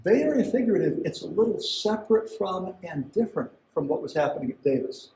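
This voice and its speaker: A man's voice: high voice, very animated, fairly quick, warm tone. A man giving a conversational art lecture to a museum audience, chatty, with asides and questions to the room. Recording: roomy gallery echo.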